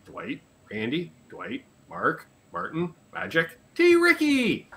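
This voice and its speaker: A playful Canadian man runs a live chat show and rattles through a roll call of viewer names. His voice sits fairly high and swings all over, with a bright edge. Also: huge pitch swings, a little slow, few pauses. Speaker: podcast host.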